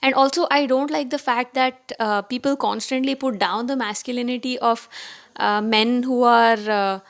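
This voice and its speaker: Chatty Indian woman vlogger, slightly high. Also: steady tone, normal speed. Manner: chatty and opinionated, with many fillers. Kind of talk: casual video commentary.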